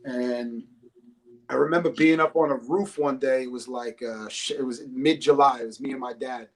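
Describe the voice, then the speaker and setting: A man's voice: medium pitch, fairly even intonation, moderate pace. A man chatting loosely as a podcast guest, telling stories with lots of swearing, talking into a phone. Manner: loose, profane storytelling. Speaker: podcast guest, rapper and English teacher. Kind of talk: casual podcast chat.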